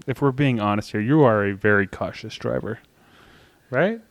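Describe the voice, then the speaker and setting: A man's voice: mid-range voice, normal speed, dry recording. A man in his forties with a Texan accent, a father co-hosting a casual podcast, joking at his own expense. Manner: joking, self-deprecating. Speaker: podcast co-host. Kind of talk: casual chat.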